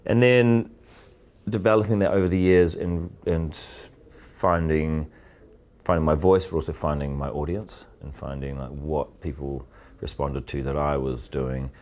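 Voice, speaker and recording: A man answering interview questions as a filmmaker, relaxed and rambling, often restarting his sentences. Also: very deep voice, unhurried. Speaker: filmmaker guest.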